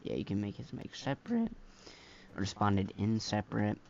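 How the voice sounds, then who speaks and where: Male mod reviewer, gravelly and rambling, lots of "um"s, muffled lo-fi mic. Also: on the low side, very animated, normal speed, darkish tone, slight background noise. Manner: rambling, filler-heavy, slangy. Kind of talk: casual gameplay commentary. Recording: dull lo-fi mic.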